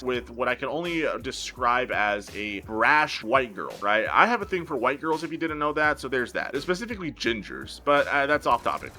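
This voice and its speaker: A man telling a crude comedic story to the camera, swearing a lot and talking in an animated way. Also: medium pitch.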